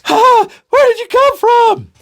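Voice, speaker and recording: A man's voice: very high-pitched, slow pace, creaky, fairly bright tone, voice pushed up, full character voice. A man voicing a tiny male one-dimensional being who squeals in giddy amazement. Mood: startled.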